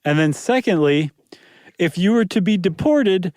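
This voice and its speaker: A man's voice: sits high, animated, a little slow, a little mellow, dry recording, clean studio sound. A man co-hosting a podcast, talking in a loose, casual way with lots of ums and restarts. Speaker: podcast co-host. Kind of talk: casual chat.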